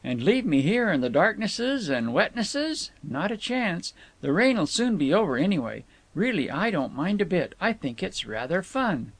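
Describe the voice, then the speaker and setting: A man's voice: sits high, big pitch swings, moderate pace, few pauses, no echo, full character voice. A man reading an audiobook, voicing a moody, fretful young woman who scolds and complains in a raised voice. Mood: teasing. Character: moody, petulant young woman, tired traveler.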